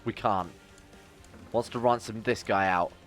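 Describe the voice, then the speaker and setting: A man does let's play commentary, exasperated and cursing freely. He jumps from sudden loud outbursts to low, muttered grumbling. Faint music plays underneath. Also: a little slow. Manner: exasperated, swearing, big swings between outbursts and grumbling. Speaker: game streamer.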